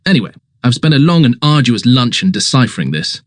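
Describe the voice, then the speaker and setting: A man voicing an excitable, cheerfully dim young English gentleman, plummy and exclamatory. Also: mid-range voice, a little fast, no echo, studio quality.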